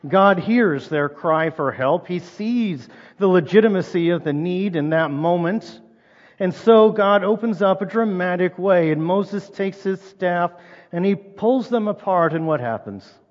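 A man preaching a sermon in a relaxed, conversational way, asking the listeners rhetorical questions. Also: high voice, unhurried. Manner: conversational, reads scripture aloud, asks rhetorical questions. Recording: reverberant dull-sounding hall.

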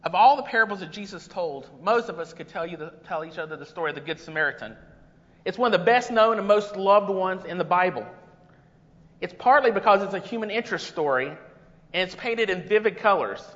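A man's voice: high-pitched, expressive, fairly quick, a bit bright. A man filling in as guest preacher, giving a folksy, conversational sermon with personal stories. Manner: folksy and conversational, with rising energy. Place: church sanctuary. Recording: long reverb, dull lo-fi sound.

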